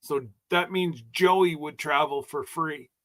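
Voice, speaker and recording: A man's voice: on the high side, slow, pushed and bright. A man hosting a casual livestream chat, rambling and joking as he stumbles over his words. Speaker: host.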